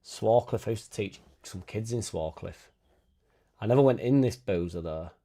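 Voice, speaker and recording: A man's voice: lowish voice, animated, normal speed, dark tone. Chatty man swearing on a live stream. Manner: swears freely, chatty, tag questions like innit. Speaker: fan channel host reading live chat. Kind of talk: casual live-stream chat.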